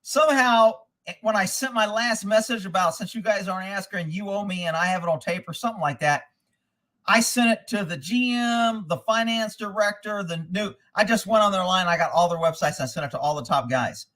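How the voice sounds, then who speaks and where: A man with a high-pitched voice chats casually on his livestream. He rambles through stories, swears freely and breaks into laughter often. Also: brisk, a bit bright. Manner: profane, rambling storyteller who laughs often. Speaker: livestream host. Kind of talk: casual live-stream chat, reading comments.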